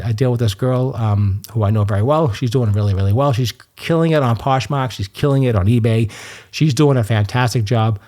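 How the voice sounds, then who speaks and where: A man hosting a solo podcast, chatty and animated, who often restarts his sentences and gets worked up when he rants. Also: mid-range voice. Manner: chatty, restarts a lot, gets fired up ranting. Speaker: podcast host.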